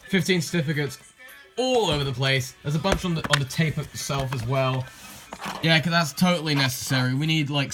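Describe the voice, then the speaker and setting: A young man from England casually showing off his tape collection, rambling and correcting himself with dry asides. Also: a little high. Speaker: video collector host. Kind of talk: casual show-and-tell. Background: music.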